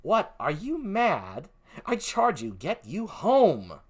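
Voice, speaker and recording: A man's voice: high voice, huge pitch swings, slow, voice pushed up, exaggerated voice. An older man playing a scheming villain in his own plain voice, curt and dismissive. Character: scheming evil ensign, a man.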